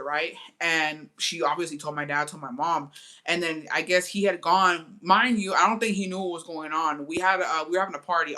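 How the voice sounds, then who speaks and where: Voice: medium pitch, pushed and bright. A young adult telling a family story in a casual, profane way, switching between English and Spanish and talking straight to viewers. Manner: chatty, addresses viewers directly. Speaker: storytime vlogger.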